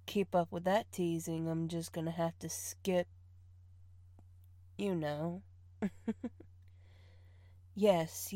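A woman's voice: mid-range voice, a little mellow, no echo, clean studio sound. A young woman in an audio role-play, playing a bossy partner who teases, scolds and laughs often. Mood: teasing.

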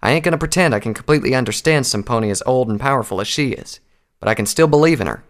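A man's voice: medium pitch, lively intonation, rapid-fire, close to an everyday voice. A man voicing a plainspoken, folksy earth pony mare in a storybook reading. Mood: earnest. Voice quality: folksy, plainspoken country talk.

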